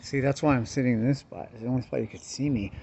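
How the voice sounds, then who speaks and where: A man's voice: mid-range voice, fast, a little mellow. A man vlogging outdoors on a hillside, talking in laid-back stoner slang, swearing and saying dude a lot. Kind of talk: casual outdoor vlog. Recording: dull lo-fi sound with background noise.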